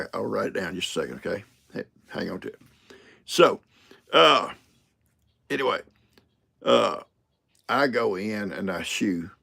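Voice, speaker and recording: An older man with a drawl spins folksy stories for his livestream viewers. His voice is deeply gravelly and husky, and his pitch swings up and down as he acts out what people said. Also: sharp tone. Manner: folksy storyteller, laughs often, acts out quotes. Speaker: livestream host. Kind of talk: casual livestream chat.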